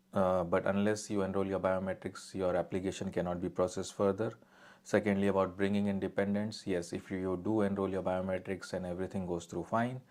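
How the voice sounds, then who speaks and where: Man, live Q&A adviser, very deep, monotone delivery, plain and direct. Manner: direct, reads out questions then answers plainly. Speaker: immigration adviser answering viewer questions. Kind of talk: live-stream Q&A.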